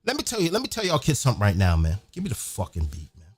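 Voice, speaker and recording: A man hosting an event, delivering an excited, profane monologue and half-singing some lines. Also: mid-range voice, very fast, breathy edge. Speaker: event host. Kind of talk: excited monologue over a beat. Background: music.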